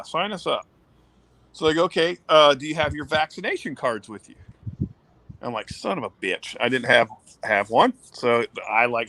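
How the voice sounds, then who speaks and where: A guest in his thirties, a former pitcher, tells a casual story full of swearing, acting out what the people in it said with animated energy. His voice is mid-range, and the audio is poor with no room sound.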